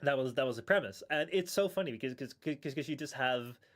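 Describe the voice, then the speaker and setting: A man's voice: mid-range voice, expressive, brisk, fairly bright tone. A man chatting casually on a live stream, rambling with many restarts and chuckles.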